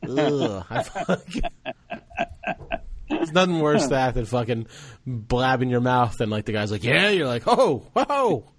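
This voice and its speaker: A man's voice: medium pitch, lively intonation, measured pace, long pauses, no echo. A man hosting a casual podcast chat, telling stories about himself with laughter and swearing. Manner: laughing, self-mocking, profane. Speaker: podcast host.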